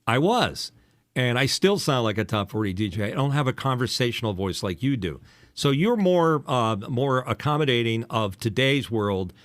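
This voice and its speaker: A man's voice: mid-range voice, expressive, normal speed, a bit bright, no echo. Older man with a polished radio voice. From eastern United States. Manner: teasing, rambling, filler-heavy. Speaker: podcast host and former radio DJ. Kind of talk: casual chat.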